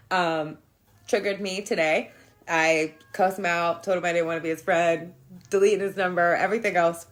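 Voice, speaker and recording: A woman hosting a casual spiritual livestream, talking candidly with plenty of swearing, laughing often and answering viewers' comments. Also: fairly low pitch. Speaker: livestream host.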